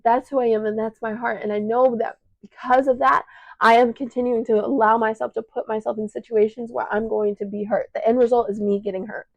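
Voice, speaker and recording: Teen woman, Chicago accent, slightly high voice, dry close sound; tearful, breathless venting monologue on a shirt mic. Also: level tone, fairly quick, dry recording, highs cut off. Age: teens. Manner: raw, venting, choked up, swearing. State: short of breath, choked up. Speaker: podcast host. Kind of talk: emotional personal monologue. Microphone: clip-on mic attached to shirt.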